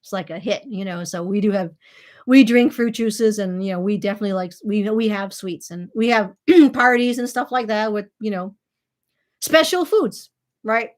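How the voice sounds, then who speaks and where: A woman's voice: mid-range voice, normal speed, darkish tone. A woman, talking casually to her viewers in a rambling, chatty way with lots of fillers, acting out the voices of people she quotes. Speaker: channel host.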